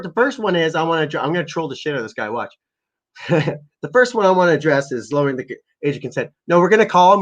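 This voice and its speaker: A stoned man ranting on a livestream, crude and rambling, with a lot of profanity. His voice sits slightly high for a man. The audio is dull and lo-fi. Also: a bit bright. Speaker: livestream prank caller. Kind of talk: casual livestream rant. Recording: lo-fi muffled recording.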